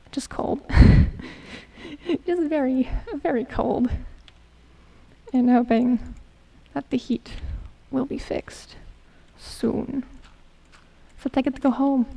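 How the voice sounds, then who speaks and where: Young woman streamer, high voice, mellow tone, unhurried self-talk, slightly distant mic. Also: creaky. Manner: chatty self-talk, hums and mutters while playing. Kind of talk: casual gameplay commentary.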